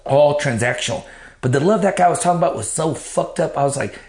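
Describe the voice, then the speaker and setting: A man's voice: fairly high pitch, fast, darkish tone. A man being interviewed, telling his life story in blunt, profane casual talk and acting out the things he told himself back then. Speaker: interview guest. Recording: roomy echo.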